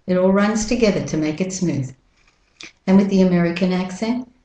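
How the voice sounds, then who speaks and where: A woman teaching pronunciation, saying model words and sentences slowly and deliberately, repeating each one. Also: fairly low pitch, warm tone, echoey room, poor audio. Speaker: accent coach. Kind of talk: pronunciation lesson.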